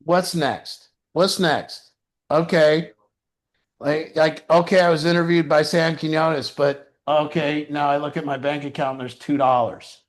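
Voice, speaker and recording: A man giving casual recovery advice, animated and profane, with many fillers. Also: fairly high pitch, unhurried. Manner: animated, swearing, frequent "you know". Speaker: recovery mentor.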